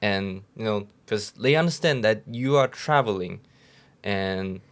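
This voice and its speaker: Gravelly low young man telling stories. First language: not English. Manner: relaxed, rambling storyteller with halting restarts. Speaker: podcast co-host. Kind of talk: casual storytelling chat.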